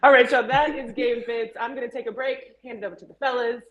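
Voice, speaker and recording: A woman's voice: on the high side, fairly even intonation, fast talker, lo-fi sound. A woman co-hosting a casual sports talk show, teasing player fashion. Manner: playful, teasing fashion critic. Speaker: show co-host.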